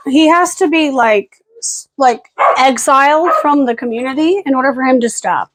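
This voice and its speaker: A woman's voice: high-pitched, lively intonation, normal speed, very noisy. Tired, rambling woman vlogger at home. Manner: rambling, swearing, sharp commands at dogs. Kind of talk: casual vlog talk. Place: home at night with dogs. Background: dogs.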